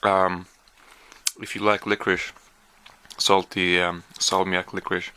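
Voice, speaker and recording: A man's voice: low voice, flat delivery, unhurried, sharp tone, clean tone. A man chatting casually through a taste-test vlog, hesitant with lots of fillers, sometimes talking while chewing. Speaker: vlogger.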